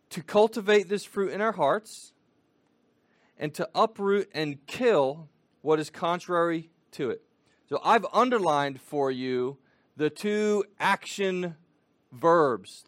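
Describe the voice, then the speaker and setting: A man with a slightly higher voice leads a catechism lesson, patient and explanatory, easing his pace whenever he speaks to the children. The sound is dry and close, with no room around it. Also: no echo. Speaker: catechism teacher.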